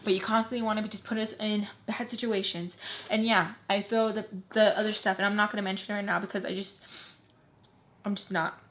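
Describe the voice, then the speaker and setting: A woman in her twenties telling a casual storytime while doing her makeup, in an animated, slangy way full of fillers. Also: medium pitch, brisk, slight background noise. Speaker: storytime vlogger.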